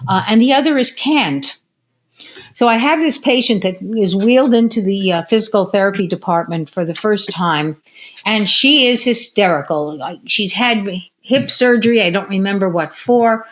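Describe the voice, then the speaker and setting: A woman's voice: mid-range voice, moderate pace. An older woman, a retired physical therapist, telling stories in a casual interview and acting out the voices of people she quotes. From United States. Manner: animated storyteller who acts out quotes.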